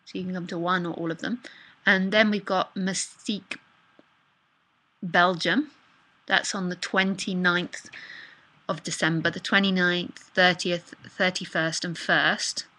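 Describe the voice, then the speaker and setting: Bright-voiced woman giving a casual spiritual talk. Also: fairly low pitch, fairly even intonation, measured pace, poor audio. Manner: casual, chatty, repeats herself. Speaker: spiritual teacher. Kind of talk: live talk.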